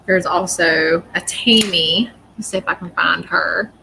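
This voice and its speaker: A woman's voice: fairly low pitch, measured pace, gravelly, pushed and bright, slight background noise, rough recording. A woman giving psychic readings on a livestream, chatty, rambling and often apologetic. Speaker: psychic reader.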